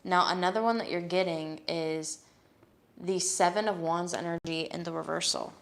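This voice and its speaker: Casual low-voiced woman reading tarot. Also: normal speed, creaky. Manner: casual and blunt, with frequent swearing; reads card messages aloud in a steady voice. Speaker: tarot reader. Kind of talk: live-streamed tarot reading, casual chat.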